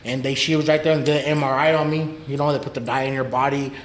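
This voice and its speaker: Talking very fast in a mid-range voice with fairly even intonation, a man guesting on a podcast tells a story casually. He's crude and slangy, mimicking the people in it as he quotes them. Faint noise and echo mark the recording.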